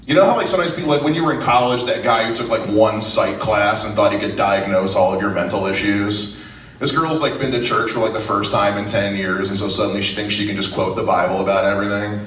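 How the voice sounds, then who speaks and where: A man's voice: on the low side, steady tone, quick pace, fairly bright tone, recorded from a distance. A young man doing a profane, self-deprecating stand-up set on a comedy club stage. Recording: roomy club sound from afar, faint noise.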